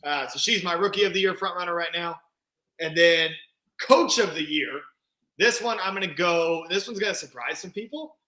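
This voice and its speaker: A man hosting a podcast speaks emphatically in casual chat, often tossing in a rhetorical "right?". His voice is high and bright. The sound is roomy and echoey. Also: expressive, moderate pace. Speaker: podcast host. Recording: echoey room.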